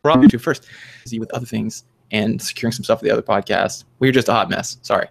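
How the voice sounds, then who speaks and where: A man's voice: on the low side, fairly even intonation, quick pace, vocal fry, a little hiss or hum. A young man co-hosting a podcast in casual chat, rambling with lots of fillers and restarts. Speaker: podcast co-host.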